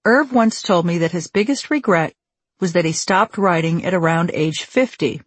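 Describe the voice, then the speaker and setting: A woman reads a memoir aloud in a studio, her voice a touch husky and sitting on the low side. Her delivery is measured and wry, and the room around her sounds dry and close. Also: no room sound. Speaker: audiobook narrator. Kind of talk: scripted memoir narration. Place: recording studio. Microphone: studio microphone.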